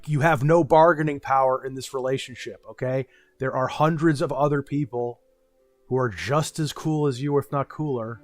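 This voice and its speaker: A young man streaming and talking with his chat in a blunt, profane, ranting way. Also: medium pitch. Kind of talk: casual livestream chat.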